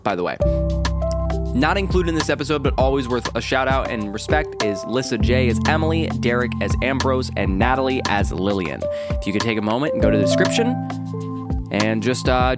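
A man's voice: mid-range voice, animated, brisk. A man hosting a podcast, casually reading out the cast credits and thanking everyone. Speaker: podcast host. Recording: loud music under the voice. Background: guitar music.

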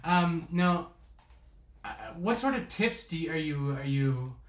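A man co-hosting a comedic podcast, hesitant and deadpan, with lots of fillers. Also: a little high, a little slow, echoey room. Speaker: podcast co-host.

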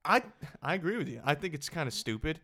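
A man co-hosting a podcast in casual sports chat, rambling with lots of "like" and quick to laugh. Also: on the high side, animated, bright, forceful tone. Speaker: podcast co-host.

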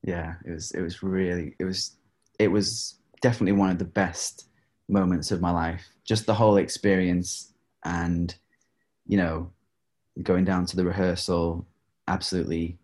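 A man's voice: sits low, moderate pace. A man, a singer, telling stories in a casual interview, full of fillers and laughs. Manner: animated, laughs often, many fillers. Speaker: guest singer.

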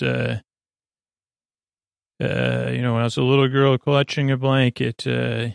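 A man hosting a sleep podcast, retelling an episode in a meandering way full of drawn-out fillers. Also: medium pitch, little pitch movement, vocal fry, clean tone, no echo, studio quality. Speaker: podcast host.

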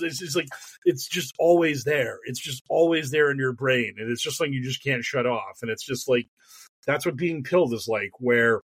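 A man co-hosting a podcast in casual chat, rambling and excitable, laughing often. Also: medium pitch, husky, no room sound. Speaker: podcast co-host. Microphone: studio mic.

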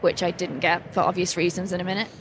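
A woman's voice: fairly low pitch, level tone, fast. A woman, a guest in a casual podcast chat, talking candidly and with self-deprecating humour. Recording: noisy background hiss.

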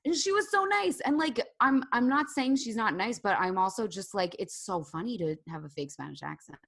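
A woman co-hosting a podcast in casual chat, wry and gossipy with quick asides. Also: medium pitch, animated, vocal fry, fairly bright tone. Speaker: podcast co-host.

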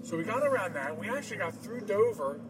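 A man's voice: high voice, sing-song, fast talker. A man hosting a show from a moving car, chatting casually and rambling with lots of fillers. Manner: rambling, jokey, many fillers. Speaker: podcast host. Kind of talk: casual chat while driving. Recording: distant mic with loud road noise.

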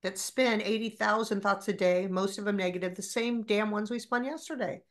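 This podcast guest, a woman in her forties, speaks in a mid-range voice at a moderate pace. She recounts her stories openly and with energy, cursing plenty along the way.

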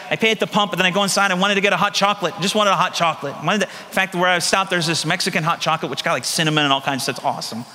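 A middle-aged pastor preaching, with a fairly high voice that has a bright, forceful edge. He tells stories conversationally and sinks to a soft, slow delivery on key lines. His voice rings with the long reverb of a church hall. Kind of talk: sermon with personal stories.

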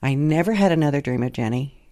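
A middle-aged woman from southern Indiana slowly recounting her dreams in a sunroom at home, pausing and restarting as she goes. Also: low-pitched, expressive, warm tone, dry recording. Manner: unhurried, halting, with pauses and restarts. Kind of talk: reflective personal storytelling.

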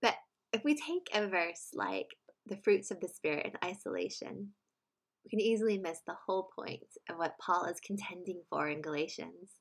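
A woman giving a sermon in an earnest, measured teaching manner. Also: fairly low pitch. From United States. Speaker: preacher.

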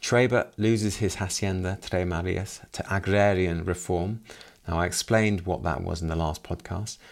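A man's voice: low-pitched, fairly even intonation, moderate pace, vocal fry. A man hosting a solo book review podcast, summarizing the plot with wry asides.

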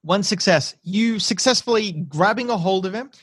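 A man's voice: high-pitched, moderate pace, breathy edge, no room sound. A man narrating a tabletop war game as game master. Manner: steady descriptive narration.

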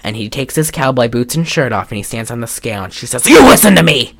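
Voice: mid-range voice, quick pace. A podcast co-host in a casual chat, retelling a film with lots of fillers and restarts. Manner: rambling, chatty, with many fillers and restarts.

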